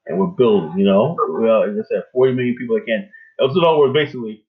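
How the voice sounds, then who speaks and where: A man's voice: lowish voice, quick pace. A man hosting a casual talk show, chatting loosely and often tagging his points with "you know what I'm saying". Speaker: host. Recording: phone-like narrow audio.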